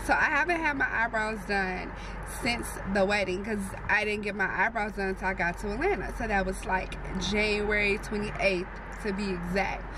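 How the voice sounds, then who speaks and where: A young adult woman vlogging in a casual chat, telling stories in an animated, sassy way. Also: mid-range voice, moderate pace, background noise.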